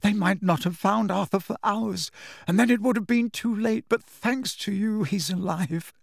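A man reading aloud, voicing a tired, grateful middle-aged mother who speaks weakly and softly. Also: on the high side, sing-song, normal speed, no echo, studio quality. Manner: weak, tired and soft-spoken.

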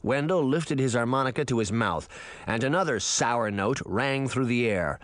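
A man reading a storybook aloud with an expressive delivery. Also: mid-range voice, moderate pace, no echo. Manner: animated, expressive. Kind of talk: storybook narration.

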